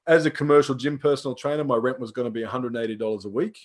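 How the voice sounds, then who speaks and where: A man's voice: medium pitch, steady tone, racing. A young man, a personal trainer, telling stories in casual chat, swearing freely and acting out the lines of people he quotes.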